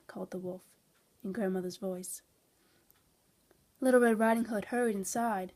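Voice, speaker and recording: A woman's voice: medium pitch, moderate pace, a little mellow. Woman reading a children's storybook aloud. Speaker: storybook reader.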